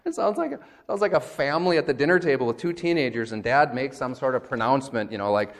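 A man preaches a sermon in a relaxed, wry, conversational way. His voice sits at a medium pitch but rises and falls widely. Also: brisk. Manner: conversational, wry, acts out quotes. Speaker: pastor.

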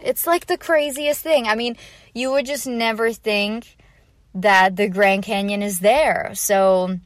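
A young woman chats through a casual travel story at an ordinary middle pitch. Her talk is loose and rambling, packed with "like" and "you know". The sound is dry and close, with no room in it. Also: dry recording. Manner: chatty, filler-heavy with frequent "like". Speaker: vlogger.

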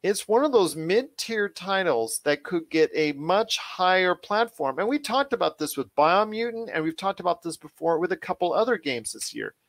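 Brief: eager male podcast host, slightly high voice, dry close recording, loops back on his phrases. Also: very animated, normal speed, few pauses, no echo. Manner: enthusiastic, repetitive phrasing, addresses guest as my friend. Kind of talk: casual podcast chat.

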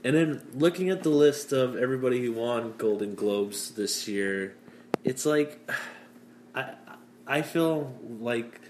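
A man's voice: mid-range voice, a little slow, a little mellow. A man from Canada hosting a casual podcast, talking in a cynical, self-mocking way and laughing often. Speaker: podcast host. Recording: roomy room with faint noise.

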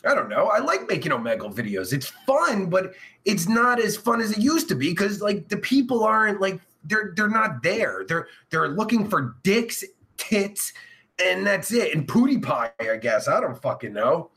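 A high-pitched man with a stuffy nose hosts a raunchy podcast. His voice leaps all over the place, from shouts to low mutters. He swears nonstop and jokes through viewer comments. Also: sing-song, normal speed. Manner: profane, loud, jokey, swings between shouting and mumbling. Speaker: podcast host. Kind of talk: crude casual chat reading viewer comments.

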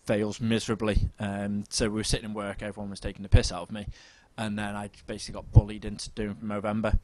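A man's voice: lowish voice, completely flat delivery, fast talker, darkish tone, a little hiss or hum. A young man co-hosting a podcast, chatting casually and rambling with lots of ums and self-mocking asides. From United Kingdom. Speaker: podcast co-host. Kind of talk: casual chat.

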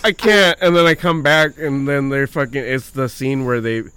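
Excitable, swearing movie retelling. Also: medium pitch, moderate pace, clean tone, no room sound. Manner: excitable, heavy swearing, laughing and crying while telling. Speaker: storyteller among friends. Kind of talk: casual chat, retelling a movie.

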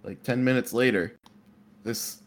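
A man's voice: mid-range voice, fairly even intonation, unhurried. A man who works in IT, telling a rambling workplace story in casual chat, full of fillers. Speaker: IT worker.

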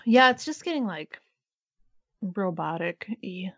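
A woman's voice: mid-range voice, unhurried, dry recording. A woman co-hosting a podcast over a remote call, chatting casually about a documentary and giggling often. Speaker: podcast co-host. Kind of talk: casual chat reviewing a documentary.

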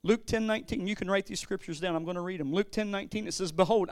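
Male pastor, high voice, excitable sermon delivery with stammering restarts, dry close sound. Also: clear, resonant tone, dry recording. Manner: animated, swings between loud declarations and quiet storytelling, stammering restarts.

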